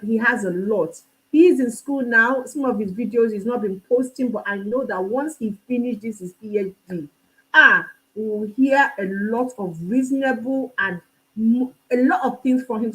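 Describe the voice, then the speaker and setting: A woman's voice: a little high, rough recording. A woman hosting a live online talk show, encouraging her guest and her followers. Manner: encouraging, frequent short affirmations. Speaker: host.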